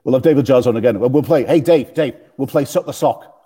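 A man's voice: medium pitch, quick pace, slightly rough. A man hosting a podcast in casual, jokey chat. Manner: jokey, animated, breaks into playful voices. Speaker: podcast host.

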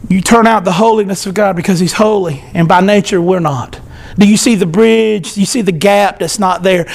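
A man preaching a sermon as pastor, animated, swinging from loud to soft. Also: high-pitched, normal speed, creaky.

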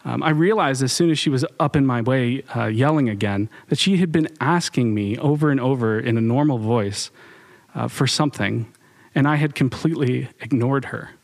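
A man's voice: mid-range voice, moderate pace, creaky. Candid young man musing aloud. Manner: candid and conversational, with frequent ums and restarts. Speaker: speaker leading an online group. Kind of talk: personal reflective talk to a live chat.

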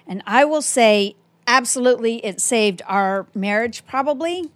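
A woman hosting a podcast, talking frankly and casually with filler pauses. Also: fairly high pitch, animated, a bit bright. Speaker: podcast host.

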